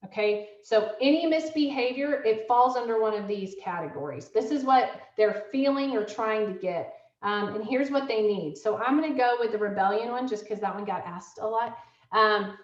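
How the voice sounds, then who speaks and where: A woman's voice: fairly high pitch, expressive, moderate pace. A middle-aged woman, a school counseling director giving an online workshop to parents. She talks in a conversational way with many fillers and acts out parent-child dialogue. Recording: dull, roomy, distant laptop audio.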